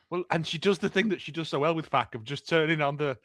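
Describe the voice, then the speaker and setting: A man's voice: a little high, fast talker, a bit bright, no echo. A man co-hosting a casual TV recap podcast, adding chuckling asides. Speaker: podcast co-host.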